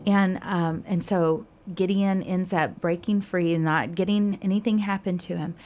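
A woman telling a Bible story to a listener in a casual, animated way, with frequent fillers. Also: on the low side, moderate pace.

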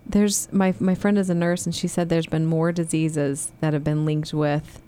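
A woman co-hosting a devotional radio talk, with a mellow, fairly low voice. She reads scripture aloud and backs up her partner with quick, supportive replies. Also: little pitch movement, clean tone. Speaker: co-host of a Christian radio show.

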